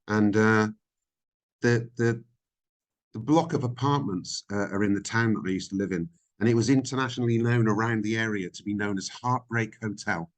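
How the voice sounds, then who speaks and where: Low-voiced man, frank and halting. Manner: reflective, frank, halting with frequent ums. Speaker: podcast guest. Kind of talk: candid interview conversation.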